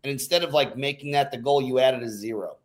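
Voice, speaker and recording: A man's voice: medium pitch, quick pace. A man hosting a podcast, chatting in a loose, rambling, friendly way. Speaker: podcast host. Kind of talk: casual chat.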